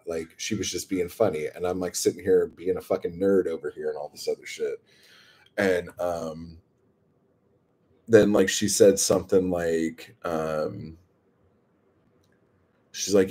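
A man's voice: sits low, measured pace, pauses often, darkish tone, breathy edge. A man chatting casually to viewers, telling rambling stories full of swearing. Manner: profane, rambling storytelling. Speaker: streamer.

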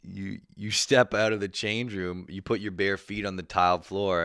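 A man hosting a comedy podcast, telling a profane, animated solo rant with quick voiced impressions. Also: low voice, clean tone, no room sound, clean studio sound.

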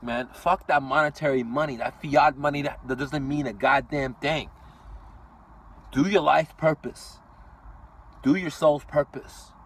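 A man's voice: a little high, a bit bright, recorded from a distance, a little hiss or hum. A man from Iran delivering a blunt, profane motivational rant as a vlogger, constantly swearing and tacking "dude" onto his lines. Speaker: vlogger and business owner.

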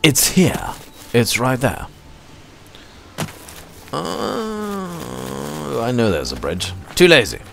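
A man's voice: medium pitch, huge pitch swings, drawn-out words, vocal fry, long pauses, soft background music. A man hosting a let's play, rambling to himself with mock anger as he plays. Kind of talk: casual gameplay commentary.

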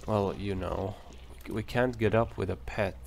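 A man's voice: fairly low pitch, unhurried, creaky, darkish tone, slight background noise. A young man casually commenting on his own gameplay, musing aloud in a chatty, hesitant way. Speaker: let's play gamer. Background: game music.

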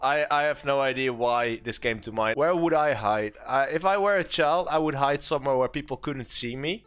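A man streaming a game, talking in a casual, excitable way, swearing often and yelping at what happens on screen. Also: fairly high pitch, moderate pace, few pauses, clean tone. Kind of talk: casual gameplay commentary.

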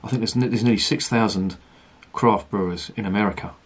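A man's voice: on the low side, fairly quick, breathy edge. A middle-aged man, reviewing beer in a chatty, ranting monologue and swearing casually. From Britain.

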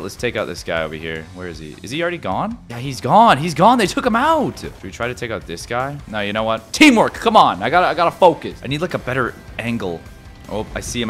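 Excitable man yelping through gameplay. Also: fairly low pitch. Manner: excitable, yelps and repeats phrases. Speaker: gaming YouTuber.

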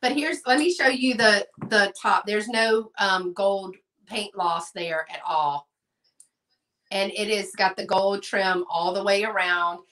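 Slow-talking bright-voiced woman selling live. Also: medium pitch, steady tone, far from the mic. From Texas. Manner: chatty, says y'all, reads bids aloud. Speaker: live sale host. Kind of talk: live selling stream, casual chat.

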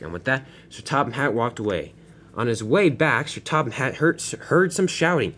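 A man's voice: mid-range voice, expressive, moderate pace, a bit bright. Young man narrating a homemade train story. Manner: stumbling, restarts mid-sentence.

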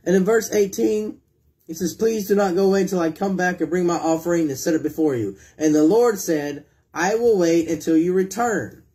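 Male preacher with a fairly high voice, reads scripture aloud, puts questions to the congregation, voices pleading prayers. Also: normal speed, dark tone. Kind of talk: sermon.

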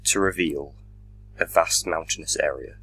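A man narrating a fan fiction audio drama in a dramatic, measured reading. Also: rumbling low, a bit bright, slightly rough, rough recording. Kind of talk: scripted story narration.

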